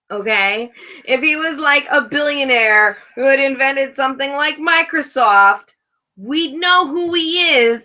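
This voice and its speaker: Mother co-host, bright and high-pitched, blunt and animated, dull lo-fi recording. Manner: blunt, profane, animated ranting. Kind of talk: casual reality TV chat.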